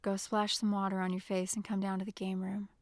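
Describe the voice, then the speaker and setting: A woman reading the part of a gentle, encouraging young man in an audiobook, speaking softly and reassuringly. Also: mid-range voice, completely flat delivery, brisk, dry recording, natural voice. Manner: soft, hushed and reassuring.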